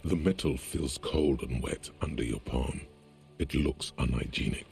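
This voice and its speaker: A man giving scripted narration for a video game, in a measured tone. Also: very deep voice, a little mellow, exaggerated voice. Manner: gravelly, measured. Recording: game audio over the stream, faint music.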